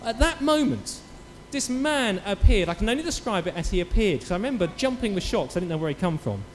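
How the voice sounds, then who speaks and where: Animated preacher in a hall. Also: male voice, high-pitched, fast talker, a little hiss or hum. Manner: animated storytelling with acted quotes. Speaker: pastor. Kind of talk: sermon. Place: church.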